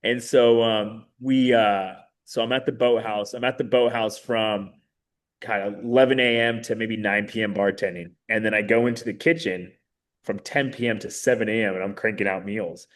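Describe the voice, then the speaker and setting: A man in his thirties, a podcast guest, telling his story in a casual, animated way with many fillers. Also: lowish voice, moderate pace. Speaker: podcast guest, mayoral candidate.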